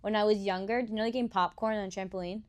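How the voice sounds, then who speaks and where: A woman's voice: medium pitch, steady tone, fast. A young woman chatting casually on a podcast, often laughing as she tells a story. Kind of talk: casual chat.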